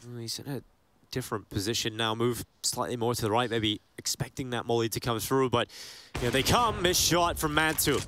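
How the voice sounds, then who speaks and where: A man giving rapid play-by-play commentary on a live esports match, rising sharply on big plays. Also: medium pitch, fairly bright tone, a little hiss or hum.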